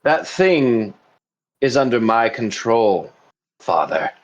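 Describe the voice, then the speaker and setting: A man voicing a young male snake-man wizard who answers flatly and curtly. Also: medium pitch, takes it slowly, highs cut off, pitched below the performer's own voice. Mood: defiant.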